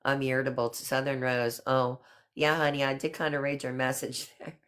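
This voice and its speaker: A woman's voice: rumbling low, level tone, a little fast, a bit bright. Chatty middle-aged woman hosting a live stream. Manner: chatty, affectionate, calls people honey and girl. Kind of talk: casual live stream chat.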